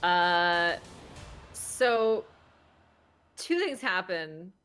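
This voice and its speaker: A woman narrating as game master of a tabletop role-playing game, halting and filling pauses with ums and restarts. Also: lowish voice, animated, a bit bright, clean tone, soft background music. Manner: hesitant, many fillers and restarts.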